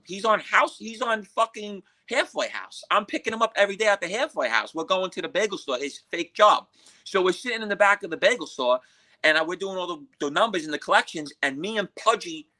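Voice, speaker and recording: A man from Queens, telling a story as a podcast guest in a profane, animated way and acting out what others said. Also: fairly high pitch. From Queens, New York. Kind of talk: casual storytelling.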